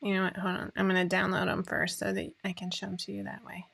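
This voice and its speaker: A woman's voice: medium pitch, completely flat delivery, fast talker, vocal fry, a bit bright. A woman in her forties hosting a casual chat for her viewers, talking in a chatty, rambling way with frequent laughs. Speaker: host of a sewing pattern show.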